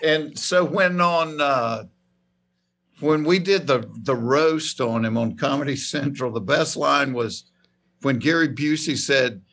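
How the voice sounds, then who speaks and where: A man's voice: a little high, slow, a bit bright, a little hiss or hum. Joking Southern man from Georgia. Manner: joking, storytelling. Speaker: comedian guest. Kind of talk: casual podcast chat.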